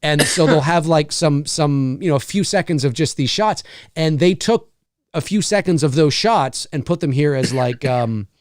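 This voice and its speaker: A man hosting a podcast, giving animated live commentary on a movie like a showman. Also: on the high side, moderate pace, no room sound, clean studio sound. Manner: animated, showman-like, keeps saying "ladies and gentlemen". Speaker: podcast host.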